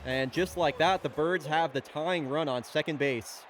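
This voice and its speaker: Chatty, slightly high-pitched male commentator. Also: moderate pace, soft background music. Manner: chatty, rattles off play-by-play. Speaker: play-by-play commentator and host. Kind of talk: casual fake-baseball commentary.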